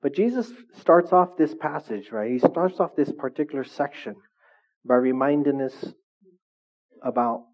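A man preaching to his congregation in a casual, animated way, often asking the room questions. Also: mid-range voice, a little slow, highs cut off. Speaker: pastor. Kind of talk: sermon.

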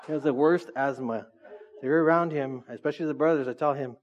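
A man's voice: on the high side, fairly quick, dull audio. A man preaching a casual, joking sermon, teasing his audience and asking them questions.

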